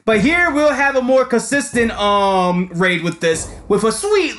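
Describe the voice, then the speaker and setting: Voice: mid-range voice, a bit bright, slight background noise. Rambling, swearing game streamer. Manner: rambling, laughing, swearing freely. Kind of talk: casual gameplay commentary.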